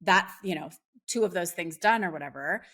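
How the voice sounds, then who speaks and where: A woman's voice: fairly low pitch, normal speed, fairly bright tone. A woman speaking as a podcast guest, talking earnestly with frequent fillers and restarts. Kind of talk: casual conversation.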